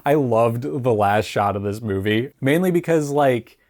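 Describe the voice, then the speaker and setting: A man's voice: medium pitch, measured pace, darkish tone. Chatty rambling male film reviewer. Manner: rambling, chatty, laughs often, many fillers. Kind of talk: casual spoken film review.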